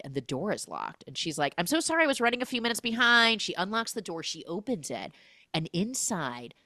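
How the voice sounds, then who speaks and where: A young adult woman hosting a casual, comedic film recap podcast, acting out the characters' lines in quick, exaggerated voices. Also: low voice, a bit bright, no echo, clean studio sound.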